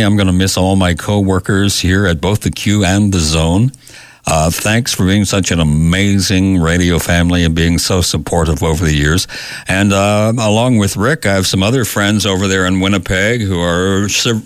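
An older radio newsman speaks on air in a low voice, close to a studio mic with no room sound. He talks casually and mixes in wry, self-deprecating jokes. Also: no room sound. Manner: dry, self-deprecating humor. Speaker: radio newsreader.

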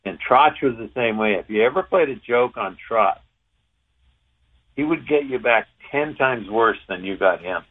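A man, a former pro hockey player, telling a long anecdote in a relaxed, rambling way, with some salty language. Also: medium pitch, unhurried, husky. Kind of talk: casual anecdotal storytelling. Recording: tinny phone-line sound.

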